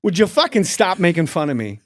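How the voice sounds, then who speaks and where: A man doing an impression of a famous older male film actor with a halting, song-like rhythm. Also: high-pitched, big pitch swings, voice pushed up. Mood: irritated.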